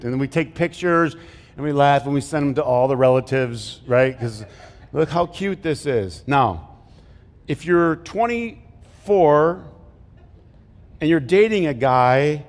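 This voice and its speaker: A middle-aged male pastor preaching a conversational sermon, joking and asking the congregation questions as he goes. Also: fairly high pitch. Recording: long hall reverb from a church sanctuary.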